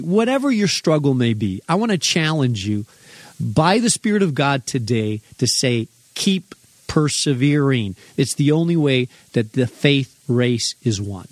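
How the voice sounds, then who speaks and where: A man's voice: medium pitch, sing-song, measured pace, no room sound. Earnest, encouraging pastor man. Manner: earnest, encouraging, exhorting listeners. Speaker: senior pastor, guest. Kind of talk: radio conversation.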